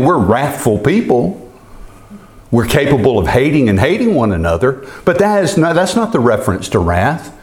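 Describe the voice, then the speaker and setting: Man, preacher, sermon, slow measured pace, rhetorical questions. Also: mid-range voice, a little mellow, echoey room. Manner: slow, deliberate, rhetorical questions answered himself. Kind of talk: expository sermon.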